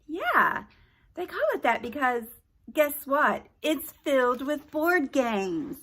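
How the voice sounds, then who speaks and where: A woman reading aloud plays a chatty teenage girl in a children's storybook, eager to share. Her voice is lively and bright with a slight gravelly edge. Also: sits high, takes it slowly, pitched above the performer's own voice, exaggerated voice. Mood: excited.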